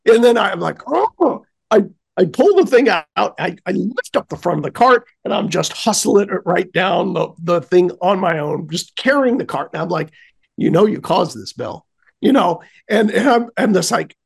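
A man co-hosting a casual chat, telling a story in an animated way, acting out scenes with sound effects and many restarts. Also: high voice, normal speed, creaky, breathy edge.

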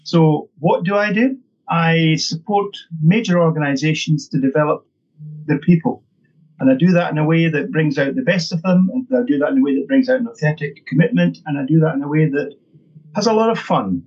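A husky, slightly high-pitched middle-aged man tells his story as an interview guest, upbeat and emphatic, often repeating himself. The sound is dull and lo-fi. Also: brisk, a little mellow. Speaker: guest, training consultant.

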